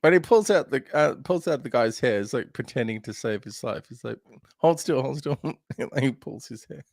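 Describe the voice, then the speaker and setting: A man's voice: medium pitch, lively intonation, moderate pace, gravelly, no echo, studio quality. A man hosting a podcast, chatting casually about a film with lots of laughs and fillers. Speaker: podcast host.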